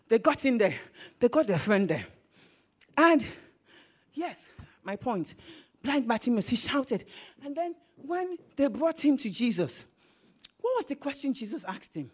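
A woman preacher with a high voice delivers a lively sermon, her pitch leaping all over. She talks animatedly and breaks into bursts of shouting. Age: adult, married.

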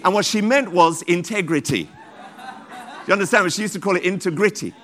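A man pastor, preaching fervently in church. His voice sits a little higher than most men's, and he leans on repeated calls of praise as he builds his sermon. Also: fast, fairly bright tone, a faint crowd. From London, England.

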